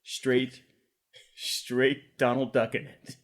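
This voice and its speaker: A man co-hosting a comedy podcast who reads stage directions aloud in a slow, drawn-out, deadpan manner. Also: mid-range voice. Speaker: podcast co-host.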